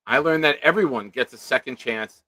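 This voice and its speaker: Guy hosting a chill sports stream, bright punchy voice, dry close sound, kinda rambly and jokey. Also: medium pitch, a little fast, no room sound. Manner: joking, rambling, reads chat aloud. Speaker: show host. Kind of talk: casual live-stream sports chat.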